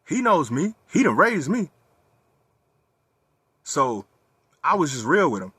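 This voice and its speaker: Bright-voiced young man, candid and profane. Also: on the high side, slow, long pauses, breathy edge, no echo. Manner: candid, profane, animated storytelling. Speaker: vlogger. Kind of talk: casual personal monologue.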